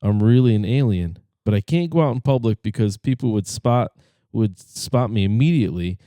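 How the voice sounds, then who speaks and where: A man voicing a calm, secretive male alien at a party as he tells a joke. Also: lowish voice, normal speed, no echo, lightly acted.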